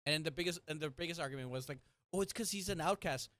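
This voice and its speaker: A woman co-hosting a casual podcast chat, ranting heatedly and swearing often, with loud exasperated outbursts. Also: sits low, very fast, no echo. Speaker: podcast co-host.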